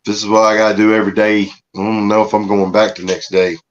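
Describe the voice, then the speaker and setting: A man chimes in with short, easygoing replies. His voice is fairly low. The audio is a little dull and muffled, as if it comes through a lower-quality connection. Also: level tone, fast talker. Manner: laid-back, brief replies. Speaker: podcast co-host. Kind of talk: casual chat.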